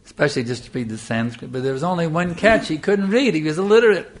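An older man giving an earnest sermon, telling a devotional story with lively storytelling and frequent fillers. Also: fairly high pitch, fast. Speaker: spiritual teacher.

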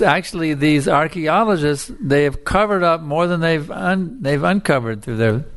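A man giving a sermon and telling a fable in a colloquial, repetitive way, often checking in with his listeners. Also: a little high. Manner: colloquial, repetitive, keeps asking "you see?".

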